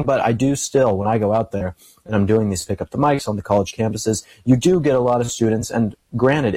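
Man with a low, dry voice. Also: darkish tone, dry recording. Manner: earnest, storytelling. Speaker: guest, political commentator. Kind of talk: casual interview talk.

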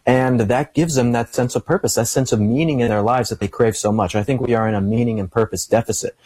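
A man's voice: medium pitch, fast talker, few pauses, darkish tone, no echo. A young adult man talking in an earnest way as an interview guest, telling stories and giving opinions. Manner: earnest, storytelling. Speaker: guest, political commentator. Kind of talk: casual interview talk.

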